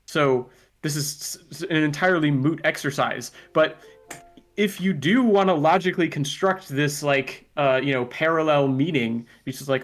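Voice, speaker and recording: Guy guesting on a podcast, kinda slightly higher voice, thinks out loud a lot. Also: lively intonation, moderate pace. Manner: thoughtful, reasons out loud in long chains. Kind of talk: casual chat.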